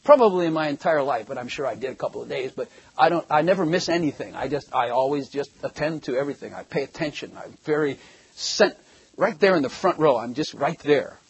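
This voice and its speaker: Older male preacher, husky and fairly high, rambling and emphatic Bible teaching, dry close sound. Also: fairly quick, low-quality recording. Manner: rambling, emphatic, rises to loud bursts when excited. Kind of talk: conversational sermon, reading scripture.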